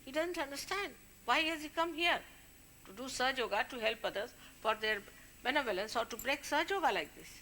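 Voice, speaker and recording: A woman's voice: high voice, lively intonation, quick pace, sharp tone, slight background noise. A woman, a spiritual leader, giving an informal talk to her followers, warning and scolding them in a conversational way.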